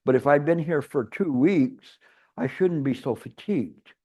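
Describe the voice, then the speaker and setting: A man's voice: on the high side, a little slow, dark tone. A man giving a Chan meditation teacher's retreat dharma talk, rambling and restarting, with playful everyday examples. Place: retreat hall.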